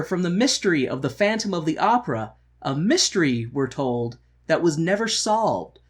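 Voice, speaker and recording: A man's voice: a little high, very animated, moderate pace, sharp tone, slightly rough. A man co-hosting a podcast, chatting casually and joking with sarcastic asides and frequent laughs. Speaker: podcast co-host. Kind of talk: casual chat reacting to a musical.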